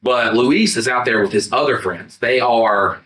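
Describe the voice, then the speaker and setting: A man co-hosting a podcast tells a rambling story in casual chat and acts out his own lines along the way. His voice is bright and forceful. He is recorded from across an echoey room, not up close on a mic. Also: mid-range voice, unhurried. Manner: animated, profane, acts out his own quotes. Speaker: podcast co-host. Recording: roomy sound from a distant mic, not the podcast mics.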